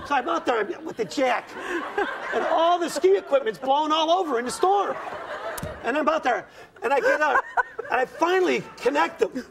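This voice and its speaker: A middle-aged man, a comedian guest, telling an animated, exasperated story and acting out the scenes on a talk show. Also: very high-pitched, normal speed, vocal fry. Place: TV studio with audience. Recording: studio audience and noise.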